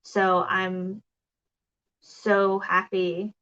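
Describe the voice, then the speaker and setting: Slow-talking chatty woman livestreamer. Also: mid-range voice, level tone, sharp tone, clear, resonant tone, highs cut off. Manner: chatty, rambling, many fillers and restarts. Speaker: livestream crafting host. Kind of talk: casual livestream chat reading comments.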